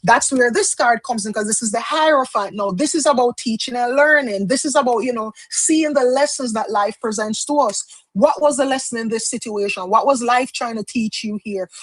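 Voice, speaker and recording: This is a woman from Jamaica reading tarot cards on a live stream. Her voice sits a little high, and the sound is dry with no room echo. She talks in a loose, chatty way, explaining each step and often circling back to repeat or restart a phrase. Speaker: tarot card reader.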